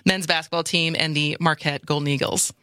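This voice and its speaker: A young woman hosts a radio talk show at a studio mic. Her voice is bright and forceful and fairly low, with a dry sound close to the mic, and she talks in a lively, quick way. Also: smooth, no room sound. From Wisconsin. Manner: lively, quick, some restarts. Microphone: studio microphone.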